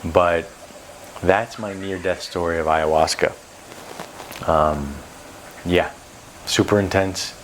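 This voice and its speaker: A man's voice: deep voice, steady tone, slow, long pauses, a little hiss or hum. A man on a vlog telling a personal story in an intense, rambling way, swearing freely as he goes. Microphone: close to camera.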